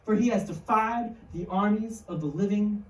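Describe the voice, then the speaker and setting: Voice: medium pitch, normal speed, lightly acted. A woman doing a cocky young shepherd hero. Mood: determined. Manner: casual, slangy, confident. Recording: roomy hall, mic far off.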